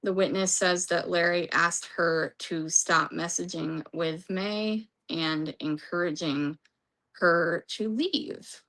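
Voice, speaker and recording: A woman's voice: fairly low pitch, steady tone, slow, fairly bright tone. A woman recapping a court trial in a casual, rambling way, reading from her notes and losing her voice. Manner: rambling, restarts, reads from notes.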